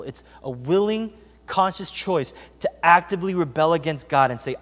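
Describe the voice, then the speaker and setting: A man's voice: on the high side, moderate pace, a bit bright. Man preaching in a reverberant church. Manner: earnest, conversational preaching with scripture reading. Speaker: pastor. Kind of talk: sermon. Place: church sanctuary.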